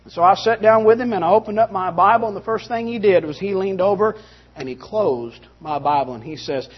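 A man's voice: sits high, fast, breathy edge. A man preaching a sermon from Texas in an earnest way that rises to stern, emphatic points. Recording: dull muffled sound.

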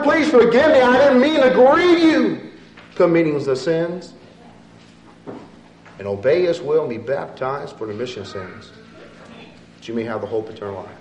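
A man preaching a sermon in a church, swinging between loud, pleading appeals and quiet, soft asides. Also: a little hiss or hum. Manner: rises to loud impassioned appeals, then drops low and soft. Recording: echoey room from far off.

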